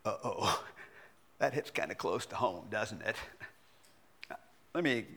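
A man's voice: fairly low pitch, expressive, slow, a bit bright. A middle-aged man preaching a sermon as pastor, self-deprecating, with laughter and frequent restarts.

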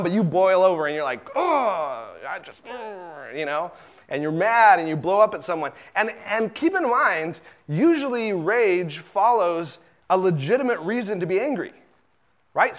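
Conversational preacher, a man with a slightly high voice. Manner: conversational, repeats words, acts out quoted lines. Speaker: pastor. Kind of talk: sermon.

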